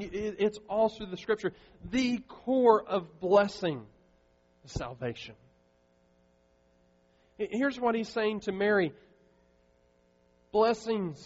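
In a church sanctuary, a pastor preaches a sermon with earnest emphasis, frequently restarting his sentences. His voice sits high, and the lo-fi recording carries the sound of a large hall.

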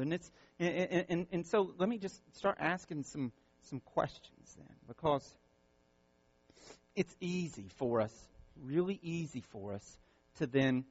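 A male pastor preaching an impassioned sermon, repeating words and swinging from loud peaks to soft, quiet lines. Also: a little high, lively intonation, a little slow, slightly rough, no room sound, highs cut off.

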